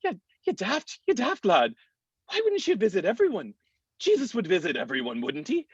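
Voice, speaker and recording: A man's voice: wildly swooping pitch, moderate pace, slightly rough, dry recording, exaggerated voice. A man putting on a Scottish accent to voice a scolding rural parishioner from the Glens. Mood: chiding. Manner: chiding, teasing, raised put-on pitch. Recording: dull lo-fi dry sound.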